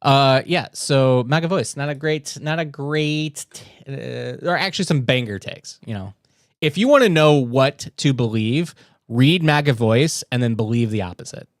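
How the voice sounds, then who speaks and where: Man, livestream host, sarcastic commentary, dry close sound, mid-pitched voice. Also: moderate pace, dry recording. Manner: sarcastic, mocking, reads posts aloud with commentary. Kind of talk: casual political commentary.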